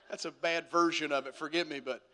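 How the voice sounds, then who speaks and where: A male pastor delivers a sermon in a high, bright, ringing voice. He preaches emphatically, repeating phrases and throwing rhetorical questions at the congregation.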